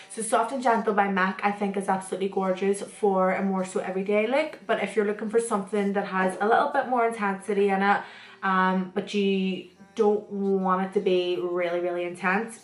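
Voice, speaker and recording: A young woman chats to her viewers about makeup, rambling along with plenty of fillers and restarts. Her voice sits at an ordinary middle pitch. The sound bounces around a roomy, echoey space. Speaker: makeup artist and beauty vlogger. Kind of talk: casual Q&A chat to camera. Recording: roomy echo.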